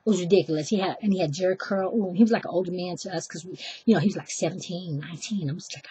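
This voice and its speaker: Woman storyteller, husky and warm, chatty with asides, recorded dry and close. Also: on the low side, racing, no room sound. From Oakland, California. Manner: chatty, animated, acts out voices, self-deprecating asides. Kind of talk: live personal storytelling.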